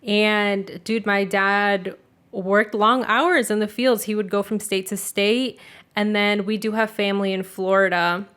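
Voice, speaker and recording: Her voice is mid-range, smooth, and a bit bright, with a flat, slightly slow delivery. This young adult podcast host chats casually, curses often, fills her speech with "like," and acts out quoted family members in her stories.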